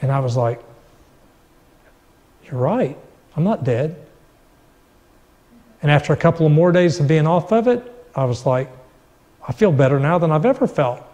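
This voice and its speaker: A man's voice: fairly high pitch, lively intonation, moderate pace, long pauses, mellow, in a large hall. A middle-aged man sharing a personal faith testimony, acting out the dialogue as he tells it. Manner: storytelling, acts out quoted dialogue. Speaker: guest.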